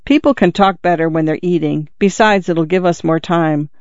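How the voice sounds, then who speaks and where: A grieving young mother pleads in a high, lifted voice, as a man reads her part. The tone is smooth and clean, and she sounds close to tears. The recording is dry and slightly dull. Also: normal speed, no echo, close to an everyday voice. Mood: eager. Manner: pleading, breaking voice.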